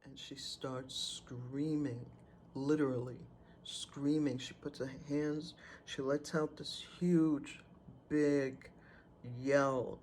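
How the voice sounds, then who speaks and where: A man telling a personal story in an unhurried, halting way with fillers and pauses. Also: on the high side, steady tone, darkish tone, slight background noise. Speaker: storyteller sharing a personal testimony.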